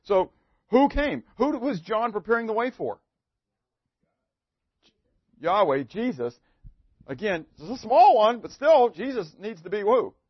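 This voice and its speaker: A man preaching a sermon in a somewhat high voice, asking his listeners questions and answering them himself. He swings from emphatic to very soft and low. The sound is dry and a little muffled. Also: very animated, a little slow, pauses often, husky, no room sound.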